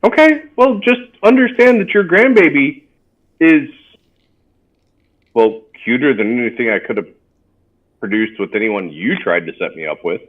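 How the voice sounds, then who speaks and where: A man playing a grown son in a tabletop game who is affectionate and teasing. He speaks with lively pitch swings. The audio is dull and lo-fi. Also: moderate pace, pauses often. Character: earnest, doting adult son.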